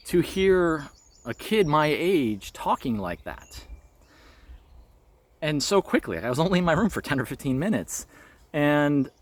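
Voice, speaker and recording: A man vlogs about his spiritual experiences, telling a personal story in an earnest, reflective way and laughing lightly now and then. His voice is a little high.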